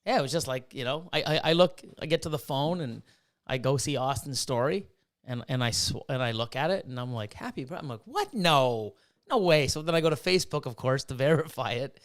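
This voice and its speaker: A man chatting on a podcast, rambling and animated as he retells things, often restarting his sentences. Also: mid-range voice, a little fast. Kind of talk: casual chat.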